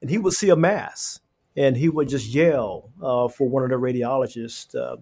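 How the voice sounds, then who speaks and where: Earnest halting man, many fillers. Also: mid-range voice, animated, a little mellow, husky. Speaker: radiology reading room coordinator. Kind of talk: podcast interview answers. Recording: podcast interview.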